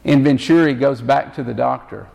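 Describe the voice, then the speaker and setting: A man preaching to a congregation, his mid-pitched voice carrying a gravelly edge. He tells a story earnestly and slows down to land each point. The sound rings with the long reverb of a large hall. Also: darkish tone, highs cut off. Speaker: pastor. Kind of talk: sermon.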